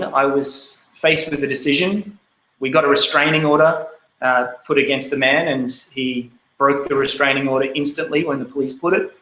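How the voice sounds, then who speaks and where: A man in his thirties with an Australian accent telling his life story, candid and lively as he acts out his younger self. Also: medium pitch, echoey room, low-quality recording. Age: 30s. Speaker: speaker. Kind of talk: personal life story talk.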